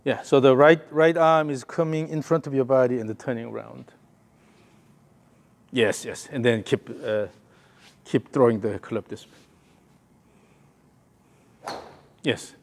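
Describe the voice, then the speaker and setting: A man's voice: mid-range voice, steady tone, slow pace, vocal fry, pauses often. A male golf coach giving a hands-on lesson, calling short repeated cues and humming the count and rhythm.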